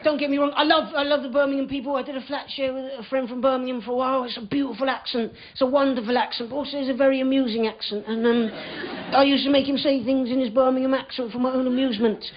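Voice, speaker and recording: A man's voice: very high voice, little pitch movement, quick pace. A man doing a stand-up comedy set with a dry, sardonic delivery, acting out little dialogues on a club stage. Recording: lo-fi live club recording with crowd noise. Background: audience laughter.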